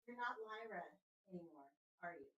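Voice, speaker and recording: A woman streamer and voiceover artist arguing casually, exasperated, with quick restarts. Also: lowish voice, lively intonation, reverberant, dull audio, background noise. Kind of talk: casual livestream chat.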